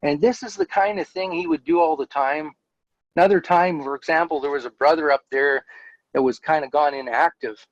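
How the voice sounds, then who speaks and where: A man's voice: on the high side, fairly quick, creaky, no room sound, highs cut off. A man, a guest in an interview, telling his own story in a candid, earnest way and laughing now and then as he talks. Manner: earnest, animated, laughs while telling stories. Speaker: interview guest, former Jehovah's Witness elder.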